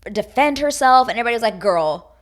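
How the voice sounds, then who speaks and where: Lively, gushing woman recapping reality TV. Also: medium pitch, moderate pace. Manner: animated, gushing and opinionated, with casual swearing. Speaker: TV recap host. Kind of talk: casual reality-TV recap chat.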